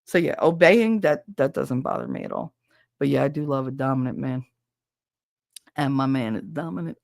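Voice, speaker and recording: A woman's voice: extremely low pitch, normal speed, vocal fry, darkish tone, no echo, studio quality. A woman hosting a podcast in a casual chat, frank and profane, reading viewer comments and laughing often. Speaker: podcast host.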